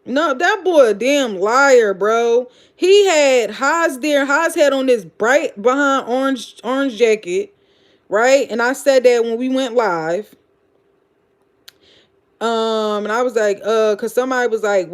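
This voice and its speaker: A woman's voice: fairly high pitch, slow pace. A woman with a Philadelphia accent hosting a casual livestream, reading comments and telling gossipy stories in a loose, profane, blunt way. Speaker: livestream host.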